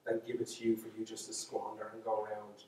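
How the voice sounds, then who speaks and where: A man's voice: on the low side, completely flat delivery, quick pace, mellow, lightly acted. An Irish man voicing a stern, well-off farmer father who scolds his son. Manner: scolding, laying down the law. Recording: echoey hall, speaker far from mic.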